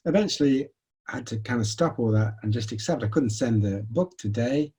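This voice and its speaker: Husky male lecturer. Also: medium pitch, fairly quick. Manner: conversational, animated storytelling with restarts. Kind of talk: lecture with personal story.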